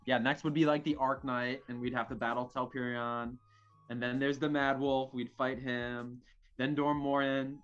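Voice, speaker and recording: A man's voice: medium pitch, little pitch movement, moderate pace, smooth, muffled recording, soft background music. A man playing a tabletop game, telling a story with many "like" fillers. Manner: rambling, full of "like" fillers. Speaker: tabletop player.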